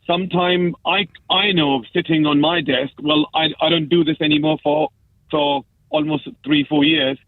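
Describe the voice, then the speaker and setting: Halting man on a tinny phone line. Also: a little high, no echo. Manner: halting, repeats words while explaining. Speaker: guest on a phone-in, former banker.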